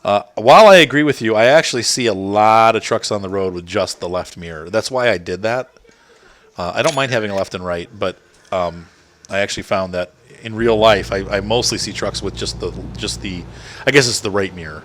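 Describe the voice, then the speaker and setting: A man's voice: fairly low pitch, brisk, a bit bright, slight background noise. A man giving casual commentary while playing a truck game, rambling and chatty as he talks with his small son. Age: adult parent. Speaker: gaming streamer. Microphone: desk microphone.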